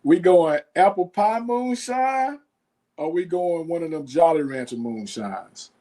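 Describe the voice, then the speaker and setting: A man hosts a casual podcast chat with a relaxed manner and a voice pitched a bit above the usual. He fires off quick this-or-that questions and fills the gaps with easygoing affirmations. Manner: relaxed, quizzing, says okay a lot. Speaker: podcast host.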